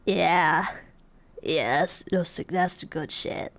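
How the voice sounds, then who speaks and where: A woman voicing a swaggering, flirty deep-voiced guy with a slow, teasing drawl and a gravelly edge. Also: a bit bright, full character voice.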